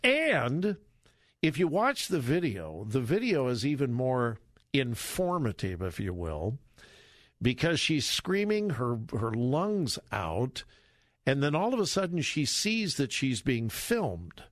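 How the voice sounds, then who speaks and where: A man's voice: slow, no room sound, clean studio sound. A middle-aged man hosting a talk radio show, giving emphatic, repetitive commentary. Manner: emphatic, repetitive, lively pitch swings.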